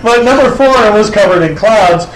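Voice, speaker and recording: Man, high voice, profane, excitable, loud outbursts, echoey room with faint noise. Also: normal speed, a crowd in the background. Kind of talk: casual movie-talk banter.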